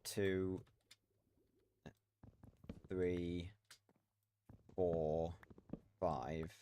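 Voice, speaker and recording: A man's voice: low-pitched, level tone, very slow, warm tone, slight background noise. A man giving casual commentary while playing a building game, muttering to himself, swearing now and then and laughing. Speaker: gaming video creator.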